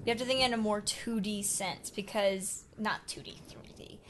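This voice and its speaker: A young woman hosting a casual let's play, excitable and talking to game creatures as she plays. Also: mid-range voice, moderate pace, noisy background. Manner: excitable, talks to game creatures, jumps from whispers to yelps. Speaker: gaming channel host.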